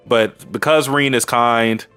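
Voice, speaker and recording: A man's voice: mid-range voice, fairly even intonation, slow, sharp tone, clear, resonant tone, soft background music. A man co-hosting a podcast, casually recapping anime episodes with crude jokes and lots of fillers. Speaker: podcast co-host.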